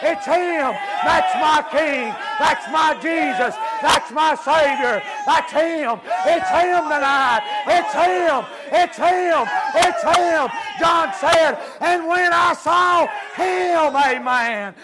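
A man preaching a revival sermon in a drawl, his voice pitched very high. He takes it slow and drawn out, building through chanted repetitions into shouts. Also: a loud crowd, very noisy.

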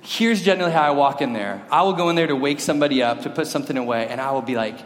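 A man's voice: medium pitch, racing. A middle-aged man preaching a sermon to a congregation in a church sanctuary, talking in a conversational, joking way. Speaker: pastor. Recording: roomy hall with long reverb.

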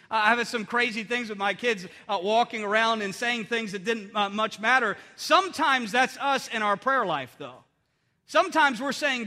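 A man's voice: high voice, pushed and bright. A middle-aged man preaching a sermon as pastor, earnest and conversational, often restarting his phrases. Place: church sanctuary. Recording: long hall reverb.

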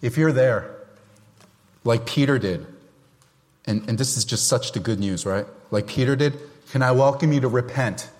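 Pastor, man, middle-aged, booming sermon delivery with wry asides; reverberant sanctuary. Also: moderate pace, long pauses. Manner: loud, emphatic, self-deprecating humor.

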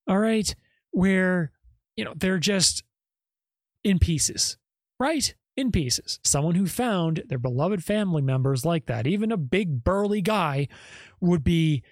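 A man's voice: high-pitched, dry recording. Emphatic man with a dry podcast mic. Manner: emphatic, keeps asking "okay?" and "right?". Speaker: podcast host. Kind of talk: casual commentary. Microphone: podcast microphone.

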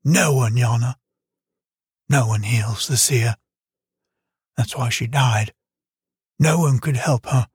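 A man reads the part of a sulky, proud twelve-year-old boy in an audiobook, giving curt, defiant replies. He speaks slowly with long pauses in a husky mid-range voice, and there's no room sound.

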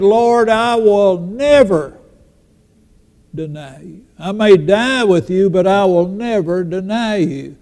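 In a large hall with long reverb, an older man tells folksy stories from the pulpit in a high-pitched, creaky, darkish voice. He acts out the voices of the people he quotes as he preaches.

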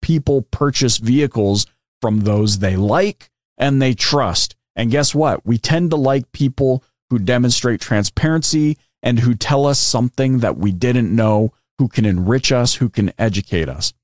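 Unhurried and darkish in tone, this mid-range male voice belongs to a podcast host giving a casual explainer over a screen demo. He rambles loosely with lots of fillers and asides, and the studio-quality audio has no room sound.

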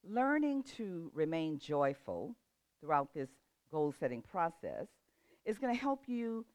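An older woman who laughs often as she tells a lively story, then moves into a relaxed motivational talk about setting goals. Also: sits low, no room sound.

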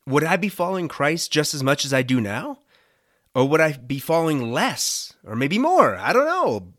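A man's voice: a little high, normal speed, dry recording, clean studio sound. A man hosting a Christian podcast, talking in an earnest, conversational way. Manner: earnest, conversational, expressive rises and dips. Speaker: podcast host. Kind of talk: casual devotional podcast talk.

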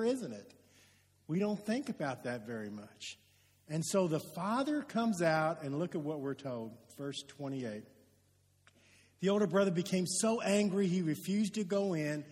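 Male preacher, sermon, storytelling, rhetorical questions, high voice, long hall reverb. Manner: storytelling, rhetorical questions, swings from loud to hushed.

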